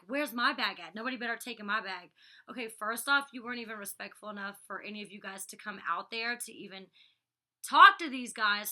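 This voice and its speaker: This woman in her twenties, a reality show cast member, recaps an episode in a casual vlog. Her voice sits on the high side, bright and forceful, and she leans heavily on "like" and "you know."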